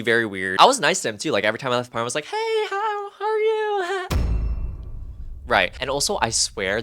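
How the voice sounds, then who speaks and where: A young man vlogging, telling stories in a chatty, animated way and swearing freely. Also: lowish voice. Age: young adult. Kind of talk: casual vlog storytelling.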